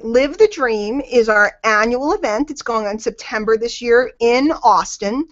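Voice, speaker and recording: A woman with a slightly high voice coaches her sales team on a call, leaning hard on repeated phrases. Her talk is emphatic and motivational. The audio is dull and lo-fi, and the sound is very dry. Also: a bit bright, no echo. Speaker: network marketing coach.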